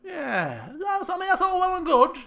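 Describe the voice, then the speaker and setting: A man's voice: very high-pitched, huge pitch swings, moderate pace, gravelly, fairly bright tone. A man playing through a video game, joking and rambling with stammered restarts as he reads dialogue aloud. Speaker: let's play commentator. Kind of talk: casual game commentary and reading dialogue.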